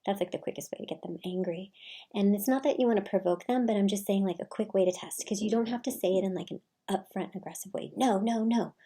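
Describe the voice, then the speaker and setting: A woman giving casual advice in a soft, often half-whispered delivery. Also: medium pitch, fast, breathy edge. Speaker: advice vlogger.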